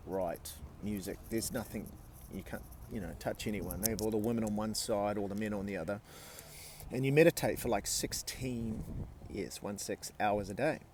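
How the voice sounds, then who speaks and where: A man's voice: on the low side, darkish tone, slight background noise. A man in his forties telling a personal story in a casual, candid way, swearing freely and using many fillers. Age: 40s.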